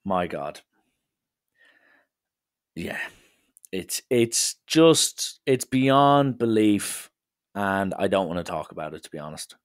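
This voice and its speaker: An Irish podcast host rants on his own in a sardonic, exasperated tone. His voice sits fairly low. The sound is dry and close, with no room around it. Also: expressive, takes it slowly, pauses often, dry recording. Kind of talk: solo podcast rant.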